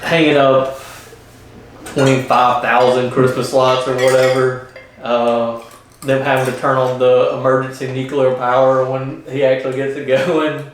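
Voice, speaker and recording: A man's voice: medium pitch, little pitch movement, unhurried, far from the mic, slight background noise. Chill guy talking fave comedies, a bit off mic, big room echo. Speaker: co-host. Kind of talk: casual movie chat.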